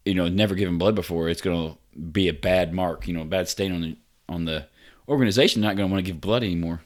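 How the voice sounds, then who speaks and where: A man's voice: low voice, quick pace. A man co-hosting a podcast, telling a story in a rambling, casual way with slang, cursing and laughter. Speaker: podcast co-host.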